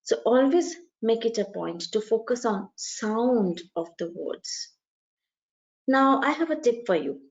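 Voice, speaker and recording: A woman coaching students for a speaking exam, her voice a touch high for a woman. She walks through each point with examples and leans on key words. The sound is slightly dull and lo-fi. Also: animated, unhurried. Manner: explains step by step with examples, stresses words. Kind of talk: video lesson.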